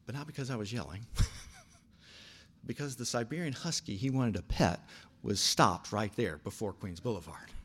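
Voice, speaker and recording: An older man preaching a sermon, telling stories with big swings from quiet asides to shouted lines. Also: medium pitch, normal speed, husky. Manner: animated storytelling, swings from soft asides to shouting. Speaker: pastor.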